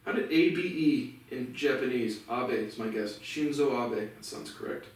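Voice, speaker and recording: An American man hosts a casual news commentary show, ranting sarcastically with lots of swearing and laughter. His voice is medium-pitched with lively intonation and a normal pace. The recording sounds echoey, with the mic placed far away.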